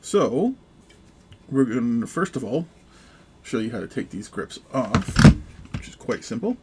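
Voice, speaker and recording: A man's voice: mid-range voice, normal speed, very noisy. Man casually demonstrating a repair. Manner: relaxed, joking, hesitant with fillers. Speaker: gun repair video host.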